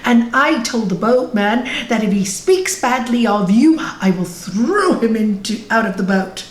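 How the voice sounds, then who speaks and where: A woman voicing a hot-headed young male disciple who bursts out loudly and brags about his courage, in an echoey room over a video call. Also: fairly high pitch, expressive, brisk. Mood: boastful.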